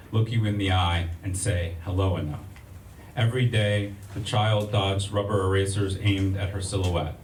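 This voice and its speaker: A low-pitched American man reads poetry in a measured, rhythmic cadence, pausing for casual asides to his audience. He sounds distant from the microphone in an echoey library room, with a faint hum of ambient noise behind him. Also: a little mellow. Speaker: poet. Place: public library event room.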